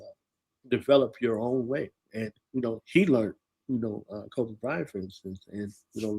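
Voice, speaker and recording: A man's voice: medium pitch, a little mellow. A casual man hosting a podcast. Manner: conversational, frequent "right" and "you know". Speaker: podcast host. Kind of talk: casual conversation.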